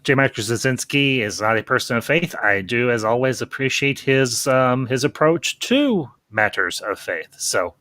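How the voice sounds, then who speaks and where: A man's voice: mid-range voice, lively intonation, normal speed, hardly any pauses, pushed and bright, no echo. A man hosting a casual livestream chat, folksy and chatty with frequent ums. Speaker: host.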